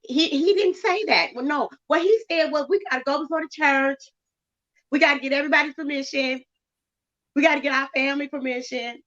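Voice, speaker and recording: A woman talking about faith and relationships in a preachy, emphatic way, with big swings in pitch. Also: fairly bright tone, highs cut off. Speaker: guest speaker. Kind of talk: casual preachy chat.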